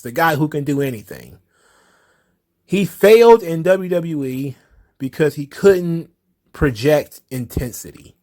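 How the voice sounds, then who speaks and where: A man hosting a wrestling commentary podcast, talking casually with frequent swearing and laughter. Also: mid-range voice. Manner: animated, profane, laughs often. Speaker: podcast host.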